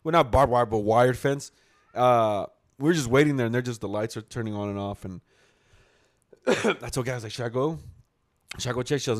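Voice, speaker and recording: A man's voice: medium pitch, a little fast. A man co-hosting a podcast, telling road stories in casual chat, swearing a lot and acting out the people he quotes. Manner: swearing storyteller, acts out quotes. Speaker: podcast co-host.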